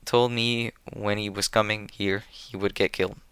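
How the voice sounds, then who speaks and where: A man reading the part of a young wife and mother who speaks in a soft, calm and resigned way. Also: lowish voice, normal speed, clean tone, no room sound. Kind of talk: audiobook character reading.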